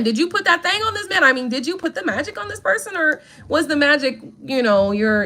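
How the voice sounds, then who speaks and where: A woman's voice: sits high, very animated, brisk, hardly any pauses, sharp tone. A woman giving a casual tarot reading, sassy and playful, full of slang and asides. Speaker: tarot reader.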